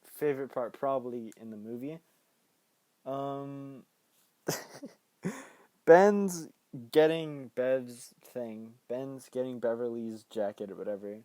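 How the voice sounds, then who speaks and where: A man's voice: mid-range voice, slow pace, pauses often, a little mellow, no room sound. A young man hosting a podcast, casually retelling a film's plot with a playful, laughing manner and sudden jumps into quoted voices. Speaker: podcast host recapping a film. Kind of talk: casual movie recap.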